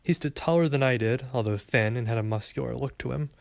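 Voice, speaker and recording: A man's voice: medium pitch, fast, vocal fry, no room sound. A man reading a first-person story aloud with a wry, sarcastic delivery. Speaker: audiobook narrator.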